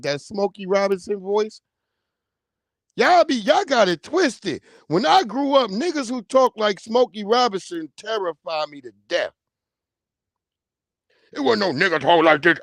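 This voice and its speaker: A man hosting a casual livestream, talking in an animated, slangy way and calling out viewers by name. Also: sits high, moderate pace, dry recording, clean studio sound. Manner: animated, slangy, reads viewer names aloud. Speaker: livestream host.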